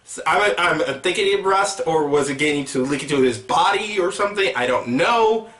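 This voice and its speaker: A man's voice: fairly high pitch, animated, moderate pace, fairly bright tone, echoey room, far from the mic. A man giving a casual movie review for his channel, rambling and hesitant, with many fillers and restarts.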